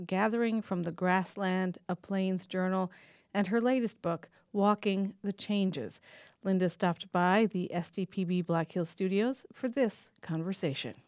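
A woman's voice: medium pitch, steady tone, a little slow, a little mellow, clear, resonant tone, no echo, studio quality. A woman hosting a public radio interview, asking attentive questions. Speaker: radio host.

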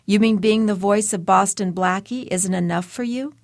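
A woman reading the part of a strained, sharp-tongued radio and TV personality, speaking in a clipped, cutting way. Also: medium pitch, normal speed, dry recording, clean studio sound, lightly acted.

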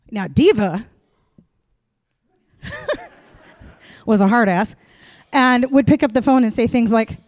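A middle-aged woman tells a story on stage in a stand-up set. Her fairly high voice swings widely in pitch as she acts out the voices in her tale with frank, animated delivery. The sound is dry and close. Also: unhurried, long pauses, no echo. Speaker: comedian.

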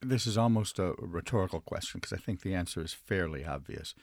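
A man hosting an interview, asking relaxed, conversational questions. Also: low voice, brisk, dry recording, clean studio sound. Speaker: host.

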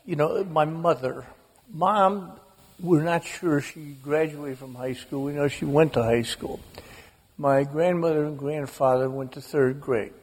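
A man in his sixties, an author telling wry, animated stories in an interview on stage before a live audience. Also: a little high, unhurried, slightly rough. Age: 60s. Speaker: author guest. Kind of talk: humorous storytelling interview. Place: onstage in a large auditorium. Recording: live auditorium echo.

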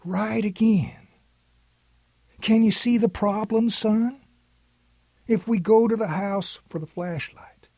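A patient old grandfather with a folksy, coaxing drawl, as a storyteller puts him on. His husky voice sits a little high and moves at an unhurried pace. The sound is close and dry. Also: warm tone, no room sound, heavily acted. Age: older.

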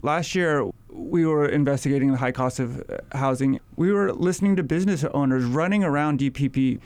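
A man's voice: medium pitch, a little fast, a little mellow. A man who works as a state tax research officer, explaining his ideas in a studio interview and often checking in with "right?".

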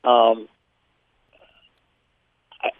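A man's voice: very slow, dry recording. Man, guest on a phone line, tinny, dry sound, blunt, frank, filler ums. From Israel. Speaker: guest, law professor. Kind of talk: radio interview. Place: his home near Jerusalem.

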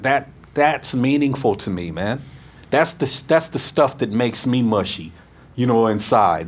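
A man's voice: medium pitch, slightly rough. A man speaking bluntly and emphatically in a candid round-table discussion, repeating himself to press his point.

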